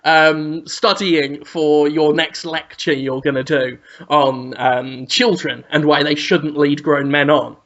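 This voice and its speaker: A woman co-hosting a podcast, playfully spinning an absurd scenario and acting out sounds and shouts. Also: deep voice, steady tone, slow pace, few pauses. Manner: teasing, spins an absurd scenario, acts out sounds. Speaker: podcast co-host. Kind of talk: playful comic storytelling. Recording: slightly muffled podcast audio.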